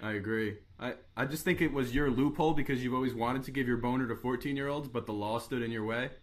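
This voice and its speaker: Joking young man hosting a webcast. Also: medium pitch. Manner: joking, rapid, crude and mocking. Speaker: host of a live webcast. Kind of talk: casual crude banter.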